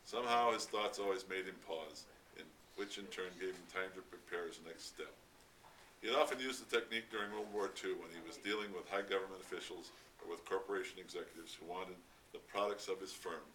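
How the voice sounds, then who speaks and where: A man reading a novel aloud at a library event, steady with occasional stumbles. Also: deep voice, brisk. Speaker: reader at a library read-out. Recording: distant mic, faint background noise.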